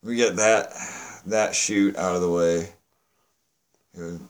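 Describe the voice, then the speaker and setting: Very low easygoing man. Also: fairly even intonation. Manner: slow, easygoing. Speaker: podcast co-host. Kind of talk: casual chat.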